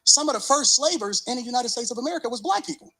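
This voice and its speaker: High, fast, husky man arguing bluntly. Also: expressive, pushed and bright, rough recording. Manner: blunt, insistent, talks over others. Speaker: debate guest. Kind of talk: heated debate.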